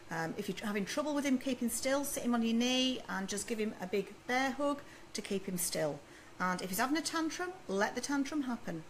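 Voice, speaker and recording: This woman, a baby sleep consultant, reads viewers' questions aloud during a live video stream and reassures them in a friendly, chatty manner. Her voice is medium-pitched and fairly bright, and the low-quality recording carries a little hiss or hum.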